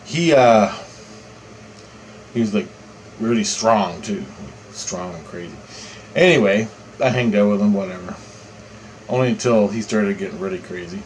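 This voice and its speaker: A man's voice: fairly low pitch, a little hiss or hum, poor audio. Rambling man telling a story. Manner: rambling, repetitive, profane. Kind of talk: casual first-person storytelling.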